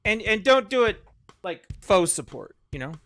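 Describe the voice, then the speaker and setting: A young man talks to his stream in loose, rambling sentences full of "like" and "you know." His voice sits high and sounds bright and forceful. Faint game music plays underneath. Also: sing-song, moderate pace. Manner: rambling, conversational, lots of fillers. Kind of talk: casual chat while gaming.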